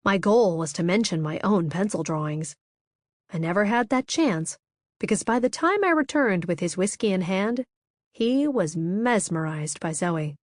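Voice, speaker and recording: Measured woman audiobook narrator. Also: mid-range voice, lively intonation, no echo, clean studio sound. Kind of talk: first-person audiobook narration.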